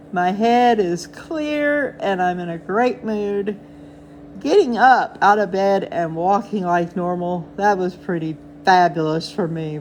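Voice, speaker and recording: A woman's voice: fairly low pitch, slight background noise. An older woman hosting a show, chatting casually and cheerfully as she goes over charts. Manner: chatty, cheerful, talks sweetly to her cats. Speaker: host of a chart update show. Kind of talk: casual chat reviewing charts.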